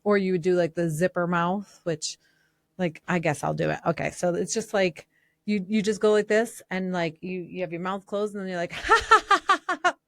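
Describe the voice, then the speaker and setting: A woman with a Massachusetts accent co-hosting a casual podcast, wry and teasing with quick jokes. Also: on the low side, fairly even intonation, darkish tone, no echo, studio quality. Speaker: podcast co-host. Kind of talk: casual chat.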